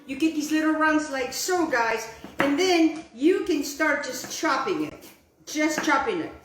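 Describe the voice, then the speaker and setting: A woman's voice: sits high, echoey room, a little hiss or hum, poor audio. A woman hosting a casual cooking demonstration, chatty and enthusiastic, who drops Italian phrases into her talk while she cooks outdoors. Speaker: cooking show host. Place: outdoor kitchen, windy.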